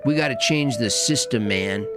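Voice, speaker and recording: A man voicing a smug, naive hippie-like preacher in a slow, drawn-out, mocking delivery. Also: mid-range voice, over loud music, close to an everyday voice. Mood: dreamy.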